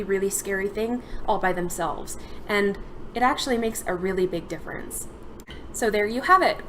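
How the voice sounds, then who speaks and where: Calm, steady woman therapist explaining. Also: a little high, a little hiss or hum. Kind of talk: instructional talk to camera.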